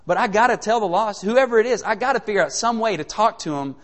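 A man preaching a sermon in a conversational, animated way, full of rhetorical questions. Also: high-pitched, fast talker, big-room sound.

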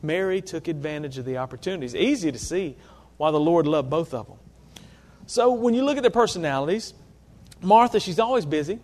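A man's voice: a little high, lively intonation, fairly quick, a little mellow. A man preaching a sermon to a congregation, earnest, often asking rhetorical questions. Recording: long reverb of a large hall.

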